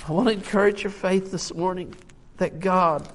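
A man's voice: high voice, steady tone, moderate pace. An older man preaching a sermon, emotional and tired, reading scripture aloud with rising emphasis. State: tired from little sleep.

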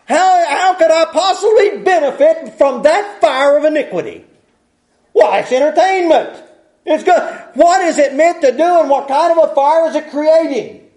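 A man's voice: very high-pitched, expressive, normal speed, a little mellow. A man preaching a sermon in a folksy, rambling way, often restarting his sentences and chuckling as he goes.

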